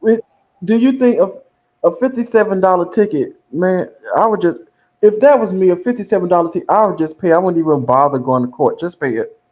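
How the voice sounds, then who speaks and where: A man joining a casual video chat, joining in with quick, joking banter. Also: high voice, animated, a little mellow. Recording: dull lo-fi sound.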